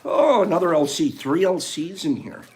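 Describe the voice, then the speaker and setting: An older man hosting a casual live stream, opening gifts and telling stories in an animated, warm way, laughing now and then. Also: a little high, normal speed. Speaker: host of a live tea-time stream. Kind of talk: casual chat, opening gifts and reading cards.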